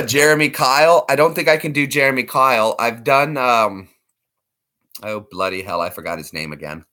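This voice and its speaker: A man's voice: medium pitch, lively intonation, takes it slowly, pauses often, bright, forceful tone. A man chatting casually in a vlog, rambling and laughing between attempts at impressions. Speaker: vlogger.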